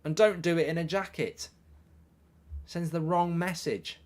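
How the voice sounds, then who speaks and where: A man's voice: on the high side, measured pace. A man hosting a football watchalong, rambling and joking while reading out viewer comments. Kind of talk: casual livestream chat, reading comments.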